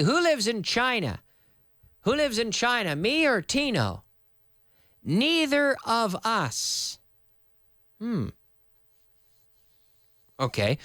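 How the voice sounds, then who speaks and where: A man's voice: a little high, fairly bright tone, no room sound, studio quality. A man hosting a live English lesson on the radio, quizzing listeners with questions and answering them himself. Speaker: English teacher, radio host. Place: radio studio.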